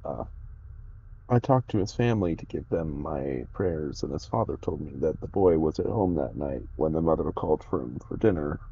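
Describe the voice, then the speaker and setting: A man voicing a tired, courteous older townsman in a game who speaks slowly and kindly. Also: rumbling low, expressive, gravelly, mellow, muffled recording, slight background noise, full character voice. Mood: somber. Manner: slow, sleepy, courteous.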